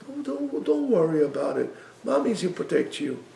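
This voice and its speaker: A man softly putting on a lulling mother's voice. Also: very high-pitched, very animated, normal speed, far from the mic, slight background noise, pitched above the performer's own voice. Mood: soothing. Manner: soft, hushed, lulling. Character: soothing coaxing mother, a gentle inner voice. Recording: roomy room, voice from afar.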